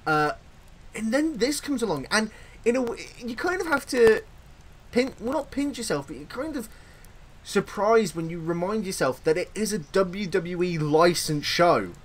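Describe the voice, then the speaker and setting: An English man with a fairly high voice that rises and falls a lot as he chats on a podcast. He hosts and gives blunt, animated opinions. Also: normal speed. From Britain. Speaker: podcast host. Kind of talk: casual podcast chat.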